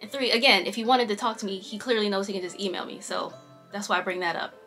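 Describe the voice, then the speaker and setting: A woman's voice: mid-range voice, fast, a bit bright, faint music behind. Chatty woman vlogger telling a story. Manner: chatty, laughs often, voices quoted people. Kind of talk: casual storytime chat.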